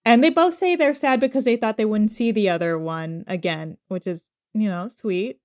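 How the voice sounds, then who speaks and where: A woman's voice: medium pitch, moderate pace, darkish tone. A woman co-hosting a podcast, casually recapping a drama's plot in a loose, rambling way. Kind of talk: casual chat.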